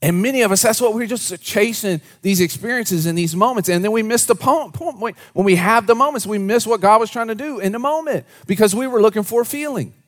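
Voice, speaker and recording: A man preaching a sermon to a congregation, moving between hushed, low asides and animated, raised storytelling. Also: a little fast, hardly any pauses. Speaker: pastor.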